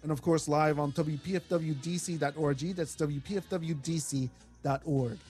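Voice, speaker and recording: Higher-voiced male radio host. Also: moderate pace, faint music behind. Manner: steady, wraps up segments and thanks guests. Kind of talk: hosting a radio talk show.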